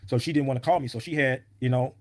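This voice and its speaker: A man's voice: mid-range voice, fast talker, darkish tone, no echo. A man in an interview, telling a story in a blunt, emphatic, often profane way. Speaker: podcast guest.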